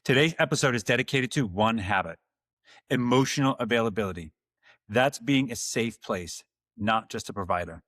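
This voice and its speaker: A man hosting his own podcast, delivering a calm, earnest, scripted monologue to fathers. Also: medium pitch, normal speed, no room sound, clean studio sound. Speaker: podcast host.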